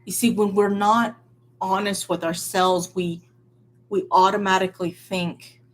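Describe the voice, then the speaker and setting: A woman preaching a sermon in an earnest, emphatic way, swinging between loud stresses and quiet, near-hushed lines. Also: mid-range voice, steady tone, unhurried.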